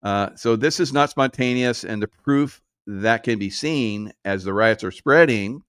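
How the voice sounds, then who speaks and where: A man's voice: mid-range voice, unhurried, a bit bright, clean tone, no echo. Sarcastic man commenting in a dry room. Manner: sarcastic, mocking, frequent chuckles. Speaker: political commentary host. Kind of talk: casual political commentary.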